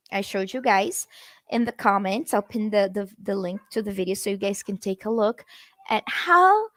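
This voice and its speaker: A woman teaches English on a live stream in a fairly high voice, taking her time over each phrase. She chats with her viewers and greets them as she reads their comments. Her voice sits close and dry, with no room echo around it. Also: a bit bright. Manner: chatty, addresses viewers in the comments. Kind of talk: live-streamed language lesson.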